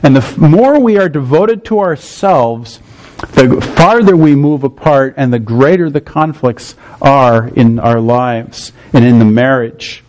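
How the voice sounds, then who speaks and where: A man's voice: medium pitch, unhurried, darkish tone, poor audio. A middle-aged male pastor preaching a morning sermon, explaining scripture step by step and often checking in with the congregation.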